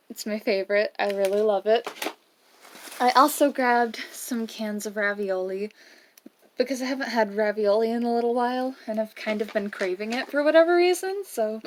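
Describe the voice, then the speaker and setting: A young woman with a slightly high voice talks casually through a vlog while she has the hiccups, showing off her purchases in a dorm room. Faint noise sits under the recording. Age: young adult. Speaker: vlogger.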